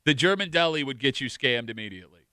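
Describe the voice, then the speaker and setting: A man hosting casual morning radio banter, animated and mocking. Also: mid-range voice, fast, clear, resonant tone, no echo, studio quality. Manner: animated, mocks old men's comments in loud put-on voices. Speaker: radio host. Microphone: studio microphone.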